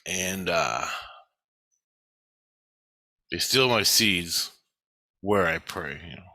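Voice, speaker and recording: A man's voice: low voice, slow pace, vocal fry, pauses often, bright, forceful tone, no room sound. A middle-aged man rambling through a blunt, profane personal monologue about his spiritual life. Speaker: spiritual vlogger.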